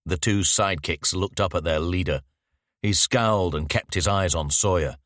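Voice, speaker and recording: A man narrating an audiobook thriller in a measured, descriptive way. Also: sits low, a bit bright, no room sound, clean studio sound. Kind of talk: scripted narration.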